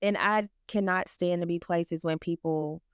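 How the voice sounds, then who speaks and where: A woman's voice: lowish voice, steady tone, measured pace, clear, resonant tone, dry recording, studio quality. A woman co-hosting a podcast, chatting in an easygoing, supportive way. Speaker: podcast co-host. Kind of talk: casual podcast chat.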